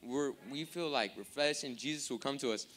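A man's voice: mid-range voice, fairly quick, a bit bright. A young man preaching a sermon in a casual, rambling way, full of fillers. He asks the crowd to call words back to him.

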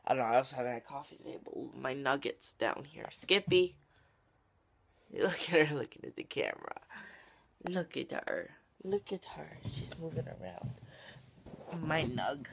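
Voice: mid-range voice, vocal fry, slight background noise. A vlogger chatting casually at home into a handheld phone, rambling, giggling and often dropping to a whisper.

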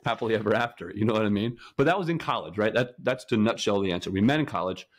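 A young man from Colorado, a guest telling how he met his wife in an animated, casual way, often checking in with "okay?". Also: fairly low pitch, fast talker, a little hiss or hum. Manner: animated, keeps asking "okay?". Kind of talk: casual storytelling.

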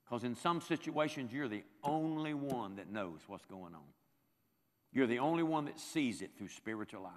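An older man preaching a sermon at a camp meeting, moving emotionally between quiet reflection and loud, fervent exhortation. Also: mid-range voice, expressive, normal speed. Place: large hall at a church camp meeting. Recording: reverberant hall.

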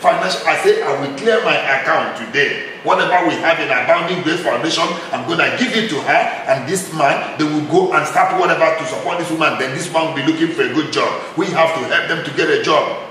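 A man's voice: a little high, fairly quick, a bit bright. A man with a Nigerian accent, a charity founder interviewing a couple at his home, speaking in a fervent, preacher-like way with repeated emphatic lines. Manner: fervent, repetitive, rising to emphatic outbursts. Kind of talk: impassioned preacher-like address. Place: his own house. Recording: very echoey room, mic far off, faint noise.

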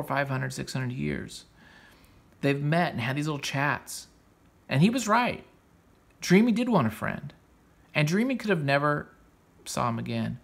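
A man's voice: fairly high pitch, gravelly. A man hosting a comics show, casually retelling a comic book story in a rambling, enthusiastic way with frequent restarts.

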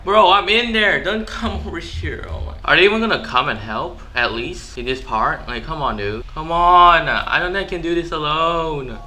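A man giving live gameplay commentary, excitable and easily frustrated, with sudden yelps and outbursts. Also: on the high side, normal speed, hardly any pauses, faint music behind. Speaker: gaming YouTuber.

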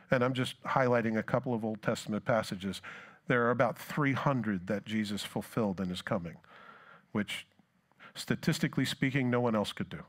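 A man preaching a sermon as pastor, earnest, reading scripture aloud with rising force and then talking it through plainly. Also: mid-range voice. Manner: earnest, repeats words when restarting.

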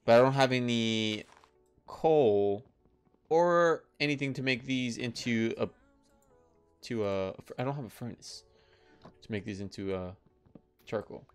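A young man doing casual gameplay commentary, chatty and excitable, talking to the animals in the game. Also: medium pitch, a little slow, long pauses, smooth, faint music behind. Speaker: gaming YouTuber.

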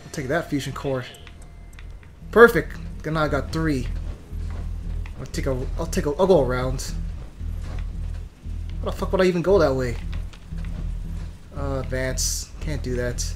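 A man's voice: medium pitch, unhurried, pauses often, soft background music. A young man giving let's play commentary, muttering to himself and cursing often. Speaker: gamer.

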